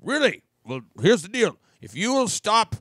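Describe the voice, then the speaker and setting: A man voicing a gruff, deep-voiced old Civil War veteran in an old-timey way. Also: sing-song, measured pace, a bit bright, dry recording, clean studio sound, full character voice. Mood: bantering.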